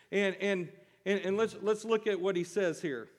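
A man's voice: sits high, normal speed, in a large hall. A man preaching a sermon to his congregation, reading scripture and stretching out key phrases with rising emphasis. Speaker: pastor.

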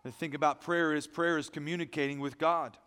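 A pastor preaching a sermon, animated, moving between loud emphasis and hushed asides. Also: male voice, a little high, a little fast, clear, resonant tone, big-room sound.

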